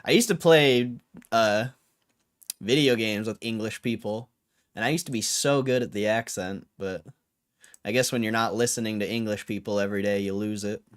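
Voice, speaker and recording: A man's voice: lowish voice, normal speed. Laid-back young streamer man. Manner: laid-back, rambling, lots of fillers and slang. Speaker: livestream host. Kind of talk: casual livestream chat.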